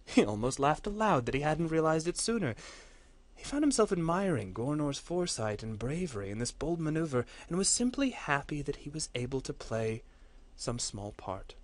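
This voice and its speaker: A man, a course instructor, reading a fantasy story aloud with earnest, steady storytelling and the odd slip. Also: on the high side, normal speed.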